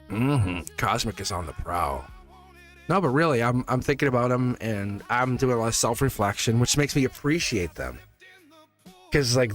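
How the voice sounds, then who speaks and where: A man's voice: medium pitch, fairly bright tone. Chatty man hosting a tarot stream. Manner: rambling, chatty, laughs often. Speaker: tarot reader and host. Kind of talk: casual livestream tarot chat. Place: his own studio.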